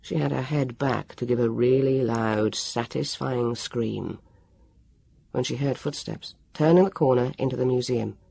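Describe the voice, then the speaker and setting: A woman narrating a children's novel with expressive storytelling. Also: a bass voice, unhurried, vocal fry, husky, dry recording. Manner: expressive storytelling, character voices. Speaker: audiobook narrator. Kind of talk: scripted narration.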